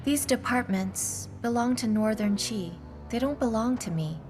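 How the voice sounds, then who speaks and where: Brief: an actress as a cool-headed captive heroine, steady composed replies over a score. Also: female voice, fairly high pitch, normal speed, over music, close to an everyday voice. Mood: composed defiance. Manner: composed, dryly defiant. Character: calm clever young woman held captive. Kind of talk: English dub of a period drama.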